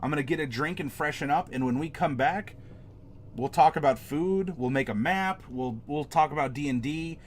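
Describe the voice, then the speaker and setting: A man's voice: on the high side, moderate pace, slight background noise. A man hosting a live stream from his home desk, chatting casually with viewers and answering the chat aloud in a rambling way. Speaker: streamer host.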